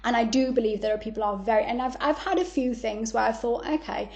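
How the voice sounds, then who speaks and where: A woman, a podcast guest telling stories in a candid, animated way, blunt and swearing freely. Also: fairly high pitch, fast, vocal fry, dull audio. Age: 30s. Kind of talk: candid conversational storytelling.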